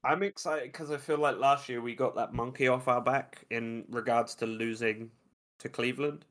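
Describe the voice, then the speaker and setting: A man's voice: medium pitch, fairly even intonation, normal speed, a bit bright. A young man as a guest on a casual sports podcast, laid-back and slangy, swearing freely.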